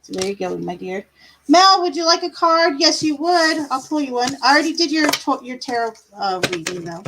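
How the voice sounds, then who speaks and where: A woman's voice: high voice, very animated, normal speed, noisy background. A woman doing tarot readings on a live stream, chatty, laughing now and then, drawing out her words. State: yawning, a bit tired. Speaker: tarot reader.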